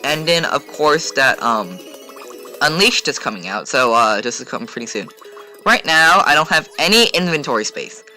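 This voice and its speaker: Soft music plays behind a gaming channel host as he casually narrates his gameplay video, rambling, chatty and heavy on fillers. His voice is a little high and sing-song, with a sharp tone at normal speed.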